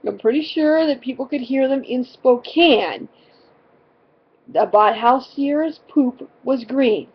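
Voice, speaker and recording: A mother with a high, expressive, breathy voice talks slowly through a comical family anecdote, the recording's highs cut off. Her storytelling is rambling, dramatic, and exasperated, stuffed with "you know."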